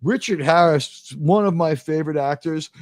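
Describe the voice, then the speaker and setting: An American man hosting a live talk show, telling stories in a rambling, animated way with lots of fillers. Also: a little high, moderate pace, no room sound, studio quality. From United States. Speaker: host.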